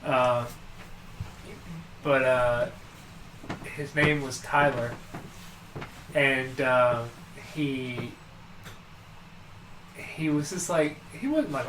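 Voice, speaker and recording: A man's voice: mid-range voice, slow, long pauses, echoey room, noisy background. A man co-hosting a podcast, telling a long childhood story in casual chat, full of fillers and restarts. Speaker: podcast co-host.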